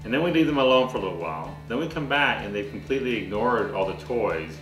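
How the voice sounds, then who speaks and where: A man telling a relaxed family story in a casual chat. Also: lowish voice, quick pace, roomy sound, distant mic, faint music behind, poor audio.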